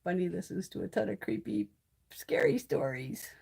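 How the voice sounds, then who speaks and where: Husky woman telling stories with lots of swearing. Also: on the low side, huge pitch swings, normal speed, darkish tone. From Connecticut. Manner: profane, rambling storytelling. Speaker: live stream host. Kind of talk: casual chat. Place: home by a wood stove. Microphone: phone.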